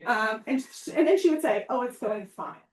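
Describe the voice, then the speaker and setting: A woman giving an informal public talk as a professor, chatty and animated, often asking "right?" and acting out quoted voices. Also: a little high, moderate pace. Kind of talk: informal lecture. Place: outdoor event or hall. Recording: echoey, mic far from speaker.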